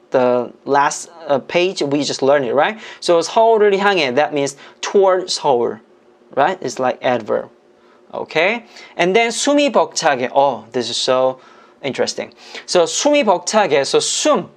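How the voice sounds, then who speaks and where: A native Korean speaker teaching the language in English, explaining patiently and checking understanding with frequent questions. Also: mid-range voice. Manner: speaks Korean phrases quickly and clearly, English slowly. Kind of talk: online language lesson.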